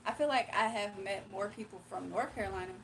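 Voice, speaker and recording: A woman's voice: medium pitch, quick pace, vocal fry, a bit bright, a little hiss or hum, rough recording. A woman with a Southern US accent from Virginia, casually chatting on a late-night livestream, laughing often and answering her chat. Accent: Southern US, Virginia with Atlanta influence. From Virginia, USA.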